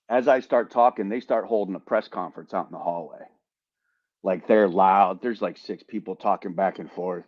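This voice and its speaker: A veteran podcast host tells a story animatedly, swearing freely and tripping over repeated words. His ordinary-pitched voice moves unhurriedly with frequent pauses, and the recording is dry, a bit dull like a lo-fi mic, with no room sound.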